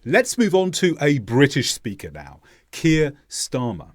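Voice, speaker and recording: A man teaching English pronunciation in a clear, deliberate explaining voice-over. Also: a little high, wildly swooping pitch.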